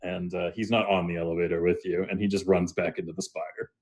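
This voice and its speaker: A man with a lowish voice narrating a tabletop game as game master. He rambles in a loose, laid-back way, stringing scenes together with plenty of uhs and likes. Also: flat delivery, brisk, a little mellow.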